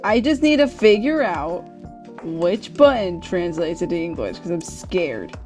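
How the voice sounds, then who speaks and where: Excitable woman streamer, animated. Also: fairly low pitch, unhurried, soft background music. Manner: excitable, swears freely, laughs often. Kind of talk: casual game stream commentary.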